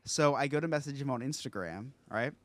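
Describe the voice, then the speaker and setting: A man hosting a podcast, telling a story in an animated, excitable way and acting out what others said. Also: medium pitch, a little fast, no echo. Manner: animated, excitable, acts out quotes. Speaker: podcast host. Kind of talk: casual storytelling chat.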